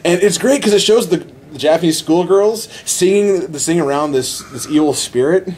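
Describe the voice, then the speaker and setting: A man in casual podcast chat, retelling a movie plot excitedly with many restarts. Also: a little high, moderate pace, slightly rough. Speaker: podcast host.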